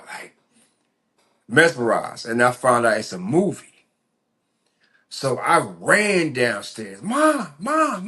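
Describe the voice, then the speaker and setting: Low-voiced rambling man from Philly. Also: fairly bright tone. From Philadelphia. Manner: rambling, profane, frequent fillers. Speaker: podcast host. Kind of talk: casual storytelling.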